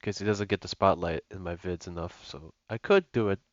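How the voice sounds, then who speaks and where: A young gaming YouTuber with a low voice talks a little fast through casual gameplay commentary, rambling with lots of fillers and restarts. There is no echo, but the lo-fi recording carries music and mains hum.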